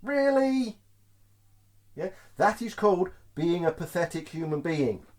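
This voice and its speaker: A man's voice: a little high, normal speed. A man vlogging as a truck driver, ranting casually to camera, often laughing and checking in with the viewer. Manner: lively, keeps asking "Yeah?" to the viewer; laughs often between points.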